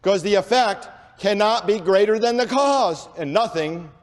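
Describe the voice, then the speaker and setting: A man giving an emphatic preaching lecture to an audience, talking in long unbroken runs with few breaths and slowing down on key points. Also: sits high. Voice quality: says he has a speech impediment and talks without pausing for breath. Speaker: creationist speaker. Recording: long hall reverb.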